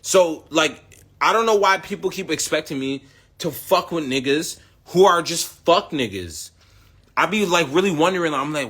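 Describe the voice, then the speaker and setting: A man's voice: on the high side, lively intonation, moderate pace, fairly bright tone, slightly rough. A young man from the United States ranting in a casual, rambling, heavily profane way. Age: young adult. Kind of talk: casual rant.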